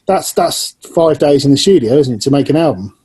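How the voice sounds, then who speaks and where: A man speaks in relaxed conversation, his tone eager as he walks through each point in turn. His voice sits a little high, with a warm, mellow colour and a husky edge. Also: a little fast. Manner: eager, explains plans step by step. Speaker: musician discussing touring. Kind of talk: casual chat.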